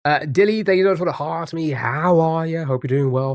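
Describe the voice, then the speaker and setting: A man's voice: fairly high pitch, a little fast, few pauses, no room sound, clean studio sound. A man live-streaming a word game, chatting casually and greeting viewers by name.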